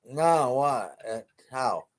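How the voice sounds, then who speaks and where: A man's voice: mid-range voice, animated, extremely slow. A man co-hosting a humor show, delivering dry punning one-liners. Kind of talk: casual joke-telling chat.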